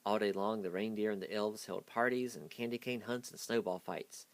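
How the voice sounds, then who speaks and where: A man's voice: lowish voice, fairly even intonation, normal speed, no room sound. A man hastily reading a children's picture book aloud. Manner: hasty reading. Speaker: storyteller.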